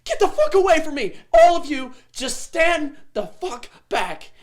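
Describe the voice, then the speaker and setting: Guy putting on a frantic trapped young dude, yelling high and loud. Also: big pitch swings, a little slow, exaggerated voice. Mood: panicked. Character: panicked cornered young man shouting.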